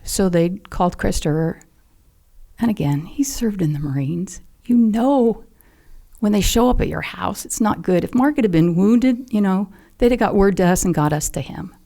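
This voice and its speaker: An older woman, mother of a fallen SEAL, shares a personal story as a podcast guest, earnest and heartfelt, sometimes sinking to a near whisper. Her voice is medium-pitched and mellow with vocal fry, at normal speed.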